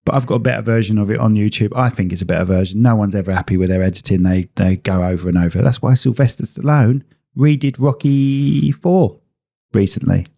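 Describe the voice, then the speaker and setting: A man's voice: on the low side, fairly quick, creaky, dark tone. A man co-hosting a podcast, chatting casually with playful, self-mocking banter. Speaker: podcast co-host. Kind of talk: casual chat.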